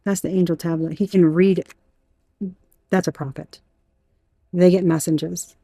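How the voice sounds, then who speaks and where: A woman giving a tarot reading in an emphatic, animated way, talking straight to the viewer and swearing now and then. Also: lowish voice, measured pace, no room sound. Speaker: tarot reader.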